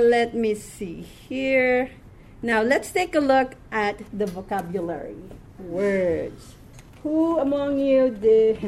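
Slow, patient woman teaching Hebrew. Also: a little high, a little hiss or hum. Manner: patient, repeats words slowly for students. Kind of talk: classroom lesson.

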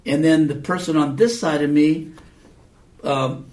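A man's voice: on the high side, steady tone, unhurried, darkish tone. Man teaching a Bible class. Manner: conversational, checks in with rhetorical questions. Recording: echoey room, mic far off.

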